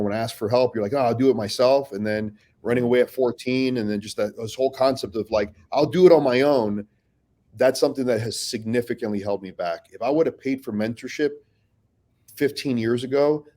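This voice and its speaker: A man talking as a podcast guest in casual, blunt, profane storytelling, animated and full of restarts. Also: lowish voice.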